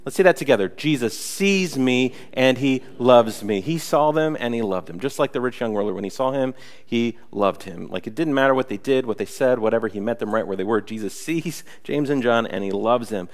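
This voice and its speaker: A male pastor preaches a sermon at a middle pitch for a man. He talks in an animated way, acts out the scripture scenes and keeps checking in with his listeners. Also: a little fast. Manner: animated, acts out the story, asks the congregation.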